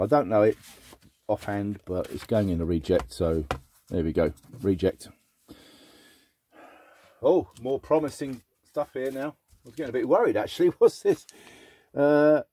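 A middle-aged man chatting casually as he sorts through a box of old records, muttering asides and breaking into excited exclamations. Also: medium pitch, no room sound. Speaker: record collector vlogger. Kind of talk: casual unboxing chat.

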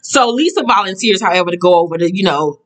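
A woman's voice: on the low side, lively intonation, quick pace. A woman vlogger recapping a reality show episode in a sassy, blunt, casual way, swearing freely and laughing at her own jokes.

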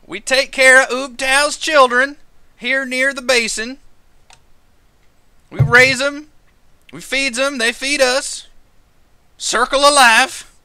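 A man's voice: extremely high pitch, steady tone, slow, pauses often, bright, forceful tone, clean tone, dry recording, voice pushed up, full character voice. A man voicing a wary, folksy female lizardfolk rancher with a rural drawl, in a tabletop game. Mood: proud.

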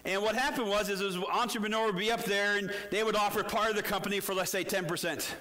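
A man's voice: high voice, fairly even intonation, fast talker, bright, forceful tone. A man preaching a sermon as pastor, telling a story with animation and putting questions to the congregation.

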